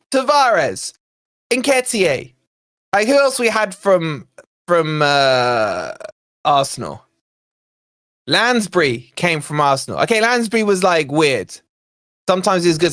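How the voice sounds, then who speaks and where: A man's voice: a little high, fairly bright tone, no echo, clean studio sound. A young man hosting a live football watch-along, ranting and exasperated as he reacts to his chat. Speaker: fan channel host.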